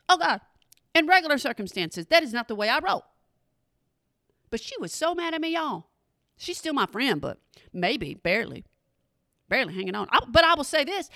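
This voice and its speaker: A woman's voice: on the high side, sharp tone, no room sound, studio quality. A woman hosting a podcast, chatting casually and directly to her listeners. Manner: chatty, keeps addressing listeners as y'all. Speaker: podcast host. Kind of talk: casual solo chat.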